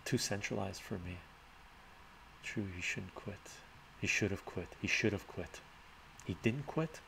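Deep-voiced man in a rambling stream Q&A. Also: unhurried, gravelly, bright, forceful tone. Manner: rambling, reads out and answers viewer chat. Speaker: live stream host. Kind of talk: casual live stream Q&A. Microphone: laptop mic. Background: laptop fan hum.

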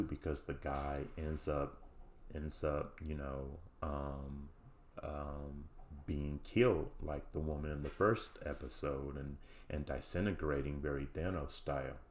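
A man hosting a show, recapping a TV episode in a casual, halting way with many ums and restarts. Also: rumbling low, steady tone, slight background noise. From United States. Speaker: show host reviewing a TV series.

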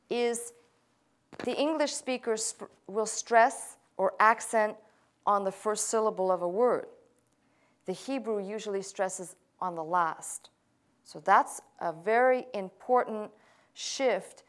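A woman pastor teaching a language lesson in a patient, explanatory lecture style, pausing with frequent fillers while she writes on a board. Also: medium pitch. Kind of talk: classroom lecture.

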